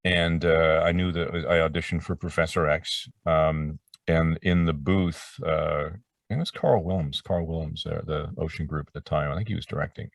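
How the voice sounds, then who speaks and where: Man, very low voice, middle-aged, rambling storyteller, dry room, slightly off-mic. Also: fairly even intonation, normal speed, vocal fry, no echo, distant mic. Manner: rambling, self-interrupting, acts out quotes. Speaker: voice actor guest. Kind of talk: casual interview storytelling.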